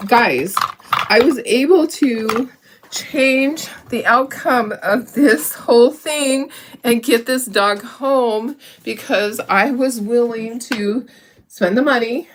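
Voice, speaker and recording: A woman's voice: on the high side, a little hiss or hum. A middle-aged woman hosting a craft livestream, chatting emotionally with many restarts while she works on her sample. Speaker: craft channel host.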